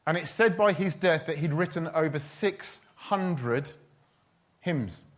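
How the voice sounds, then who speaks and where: A man's voice: fairly high pitch, animated, slow pace. A man preaching a sermon in a chatty, humorous storytelling way. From England. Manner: chatty, humorous, with quoted voices.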